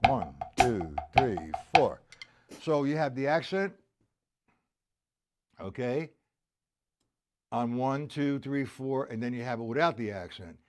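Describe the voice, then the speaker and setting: A man's voice: mid-range voice, a little slow, long pauses, soft background music. A man giving a live-streamed drum lesson, counting beats aloud, joking and answering viewers by name. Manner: casual, joking. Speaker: drum teacher.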